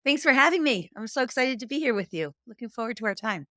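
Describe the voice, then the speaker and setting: A middle-aged woman from New York with a New York accent, telling her story as a guest in an animated, chatty way. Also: a little high, quick pace, dry recording, clean studio sound. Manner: animated, chatty, uses "like" often. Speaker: guest, psychic and spiritual teacher. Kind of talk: conversational storytelling.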